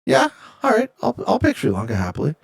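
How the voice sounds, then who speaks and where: A man's voice: high-pitched, huge pitch swings, fast, creaky, slightly rough. A man streaming a game, casually reading viewer chat aloud and joking as he answers, from Canada. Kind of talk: casual live-stream chat while gaming.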